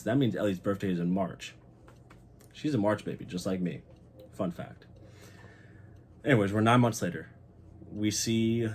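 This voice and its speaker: A young man with a very low voice talks through a TV episode in a loose, excited vlog style. He swears freely and turns heartfelt, and a faint hiss sits under his voice. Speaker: channel host. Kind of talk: casual episode recap.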